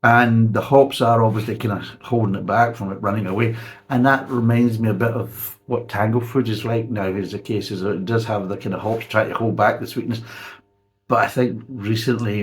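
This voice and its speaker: Blunt, sarcastic man. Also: on the low side. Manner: blunt, sarcastic, swears freely. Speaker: beer reviewer. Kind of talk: casual spoken review.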